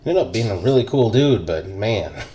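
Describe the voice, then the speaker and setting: A man's voice: fairly low pitch, expressive, moderate pace, dark tone. A man in his thirties, an army veteran, telling stories in casual podcast chat, laid-back and profane, laughing as he goes.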